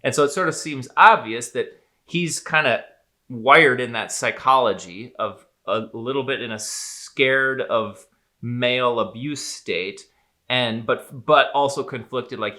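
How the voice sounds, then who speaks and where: A man's voice: mid-range voice, unhurried, bright, forceful tone. A man co-hosting a podcast, speculating in casual chat with frequent fillers and restarts. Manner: speculative, rambling with many fillers. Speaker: podcast co-host.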